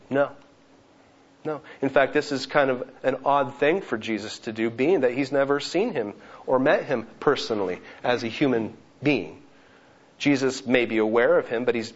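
A man in his thirties preaching a sermon, earnest and with lively asides. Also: mid-range voice. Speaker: pastor. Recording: slightly dull lo-fi sound.

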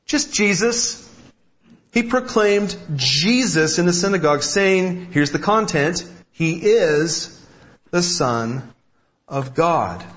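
A man with a slightly high voice preaching a sermon. He talks in a conversational way, often repeating himself and restarting phrases. The recording sounds a little dull and muffled. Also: expressive, takes it slowly, a bit bright. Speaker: pastor.

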